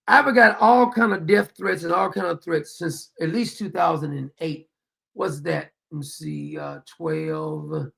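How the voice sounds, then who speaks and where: Man, gravelly, fairly high voice, blunt heated political rant. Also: a bit bright. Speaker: host of commentary show.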